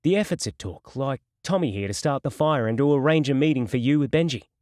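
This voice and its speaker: A man's voice: mid-range voice, animated, a little fast, dry recording, clean studio sound, close to an everyday voice. A man voicing a sadistic male gangster interrogator who taunts and threatens in a mocking, menacing way, from an audiobook. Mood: cold menace. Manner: mocking, menacing, swings to shouting.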